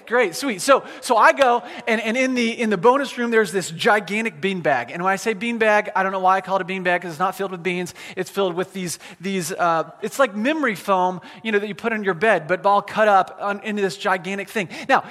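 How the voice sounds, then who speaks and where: A male pastor preaches with a notably high voice, telling a personal story with self-deprecating humor. His sentences stall and restart often. The sound rings out with the long reverb of a big hall. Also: a little fast, a bit bright. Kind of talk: storytelling sermon.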